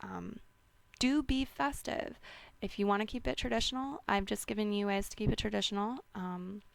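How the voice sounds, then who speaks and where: A woman hosting a wellness talk, giving casual seasonal health advice in a slow, rambling way with many fillers and restarts. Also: mid-range voice, vocal fry, no room sound. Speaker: wellness host.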